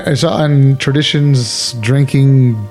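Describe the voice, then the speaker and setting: A man's voice: mid-range voice, steady tone, takes it slowly, a little mellow, soft background music. A man co-hosting a podcast in casual chat, laughing often and rambling with restarts. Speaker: podcast co-host.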